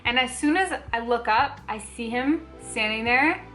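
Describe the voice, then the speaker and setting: A young woman vlogging, telling a personal story to camera in a chatty, animated way, full of "like" fillers. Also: on the high side, a little slow, soft background music.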